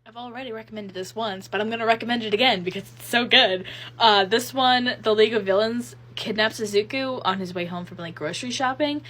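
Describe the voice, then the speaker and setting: A woman's voice: fairly high pitch, a little fast, fairly bright tone. A woman in a casual vlog, chattily recommending fan stories with lots of fillers and rambling asides. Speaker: fanfiction reviewer.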